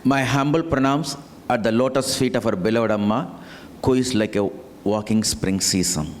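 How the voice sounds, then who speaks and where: A man, a swami giving a deliberate, storytelling spiritual talk to teachers. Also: mid-range voice, a little hiss or hum. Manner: storytelling, acts out dialogue, deliberate with restarts.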